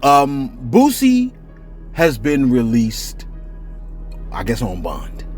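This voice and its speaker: A man's voice: medium pitch, wildly swooping pitch, takes it slowly, a little mellow, faint music behind. A man hosting a celebrity news channel in casual, rambling commentary, often asking "you see what I'm saying".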